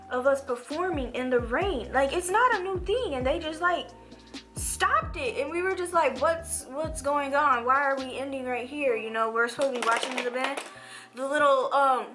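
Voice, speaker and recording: A young woman talks through a makeup routine in a loose, chatty way, drifting into animated rants. Her voice sits high and sounds bright and sharp. Faint music plays beneath her. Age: young adult. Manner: animated, rambling, swoops high when ranting. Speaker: beauty vlogger. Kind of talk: chatty makeup tutorial with storytelling.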